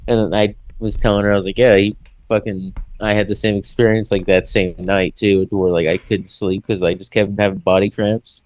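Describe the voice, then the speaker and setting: A man's voice: lowish voice, little pitch movement, normal speed, few pauses. A young man co-hosting a podcast in crude, laid-back casual chat, laughing often. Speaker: podcast co-host.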